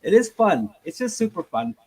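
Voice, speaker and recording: Animated, rambling man with a higher voice. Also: normal speed, husky, low-quality recording. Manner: animated, rambling storyteller who acts out little scenes. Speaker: podcast co-host. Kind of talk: casual podcast chat.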